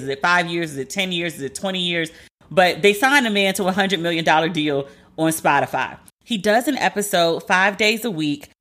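A woman hosting a podcast, chatting casually about celebrity gossip in an animated, sassy, profane way. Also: lowish voice. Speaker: podcast host.

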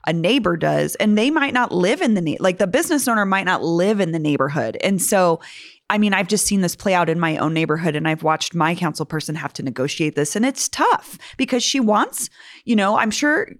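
Woman, panel guest, low-pitched, thoughtful, dry sound. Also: expressive, brisk, no room sound. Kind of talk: casual discussion.

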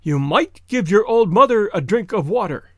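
A man's voice: high voice, big pitch swings, normal speed, fairly bright tone, no echo, studio quality. A man voicing an elderly mother returned from the sea, speaking in a weary, plaintive tone in a storybook reading. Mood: reproachful. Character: frightened old woman ghost-mother, plaintive.

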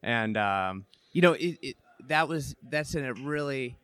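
A man's voice: mid-range voice, lively intonation, moderate pace, a bit bright, clear, resonant tone, no room sound. A man hosting a casual interview, chatty and enthusiastic, leaning on fillers like "you know" and "like". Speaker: interview host.

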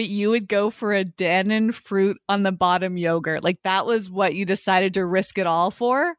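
A woman's voice: mid-range voice, fairly even intonation, smooth, no room sound, studio quality. A woman co-hosting a podcast, chatting casually in a playful, teasing way. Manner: playful, quick to laugh. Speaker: podcast co-host. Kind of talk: casual chat.

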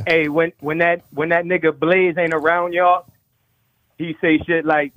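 A man's voice: fairly high pitch, level tone, measured pace, a bit bright, a little hiss or hum. A man calling into a show over the phone, telling roast jokes with eager stammers. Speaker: caller. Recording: tinny phone line.

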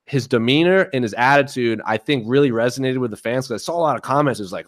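A man co-hosting a casual podcast, chatty and quick to laugh. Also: mid-range voice, dry recording, clean studio sound. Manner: chatty, laughs easily, some restarts. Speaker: podcast co-host. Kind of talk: casual podcast chat about MMA.

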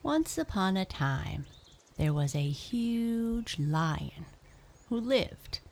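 A woman tells a bedtime story slowly, her lowish voice gravelly and lilting. Her pitch rises and falls widely as she narrates. Now and then she drops almost to a whisper. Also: sing-song, a little mellow. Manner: slow, soothing, lilting.

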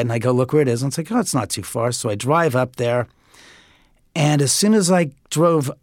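A man's voice: medium pitch, dry recording, studio quality. A man in his fifties from Los Angeles, a guest telling a long story and acting out the voices in it. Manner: chatty storyteller who acts out quotes. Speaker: interview guest.

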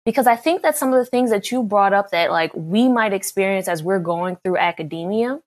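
A woman's voice: medium pitch, lively intonation, brisk. A woman co-hosting a podcast, effusive and admiring as she responds to her guest. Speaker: podcast co-host. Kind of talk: casual podcast chat.

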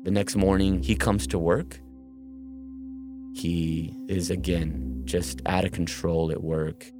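Deep-voiced guy telling his own story, trips over words a lot, music playing under him. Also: little pitch movement. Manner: halting, repeats words when tense. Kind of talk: first-person true-story narration.

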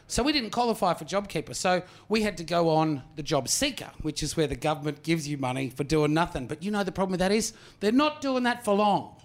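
High-voiced Australian comedian in his forties. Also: fairly quick. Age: 40s. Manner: swearing, loose storytelling with audience asides. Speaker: stand-up comedian. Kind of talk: stand-up comedy routine with crowd work.

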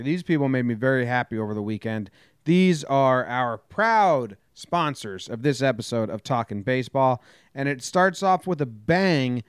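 A man's voice: medium pitch, clean tone, no echo, studio quality. A man hosting a casual sports podcast, talking bluntly and grumpily, with some swearing. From New Jersey. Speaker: podcast host.

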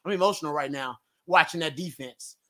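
A man calling into a postgame sports talk show, speaking with emphatic, emotional fan energy. His voice is quite high and strikingly bright and forward. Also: a little fast. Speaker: guest analyst.

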